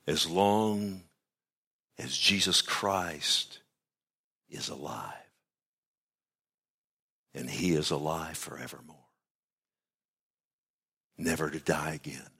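A man preaching a sermon at an early church service, telling a personal story and then praying, swinging from loud exclamations to hushed whispers. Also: rumbling low, slow, vocal fry, long pauses, husky. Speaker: pastor.

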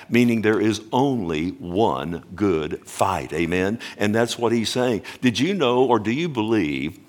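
Earnest preacher with a low voice. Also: male voice. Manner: earnest, animated preaching with frequent restarts and questions to the congregation. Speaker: pastor. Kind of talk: sermon.

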